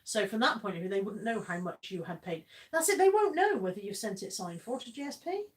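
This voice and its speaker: A woman's voice: mid-range voice, big pitch swings, fairly quick. A woman hosting a casual live stream, chatting and reading out viewer comments with frequent laughter. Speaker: livestream host.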